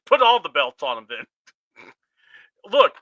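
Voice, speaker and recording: A man co-hosting a casual podcast chat, animated, laughing often and acting out quotes as he talks. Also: on the high side, takes it slowly, no echo. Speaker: podcast co-host.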